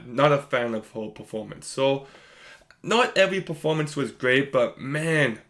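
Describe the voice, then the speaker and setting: Slow-talking man reviewing a film. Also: mid-range voice. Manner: unhurried, candid, with fillers and stumbles. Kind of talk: casual spoken movie review.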